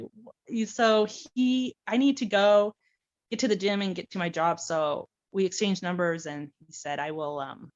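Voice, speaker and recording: A woman of medium pitch speaks at a moderate pace about her own adoption, acting out conversations with lots of animation and frequent laughs. The highs are cut off in the audio.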